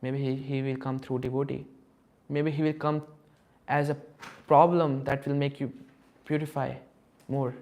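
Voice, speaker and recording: A man giving a scripture class, telling stories in an animated way and acting out the characters. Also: mid-range voice, a little slow. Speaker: class speaker.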